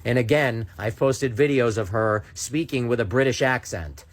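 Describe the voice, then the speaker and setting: A man delivering a combative monologue to his followers, heavy on sarcasm and indignation. His pitch sits in an ordinary middle range for a man. He speaks straight to the camera like a social media creator venting. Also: normal speed. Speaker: content creator. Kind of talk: ranting direct-to-camera monologue.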